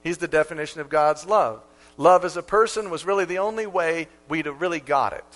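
A man preaching a sermon as pastor, emphatic and repeating key lines for effect, with sudden swings from quiet to loud. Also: on the high side, brisk.

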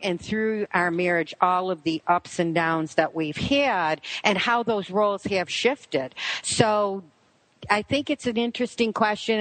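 Older woman, western new york accent, lowish voice, candid and self-deprecating, dry close sound. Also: no room sound, rough recording. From Buffalo, New York. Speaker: author guest. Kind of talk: casual interview chat.

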